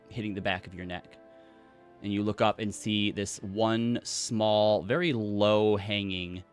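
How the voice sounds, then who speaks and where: A man's voice: lowish voice, a bit bright. A man narrating a tabletop game as game master, in a casual style with many fillers.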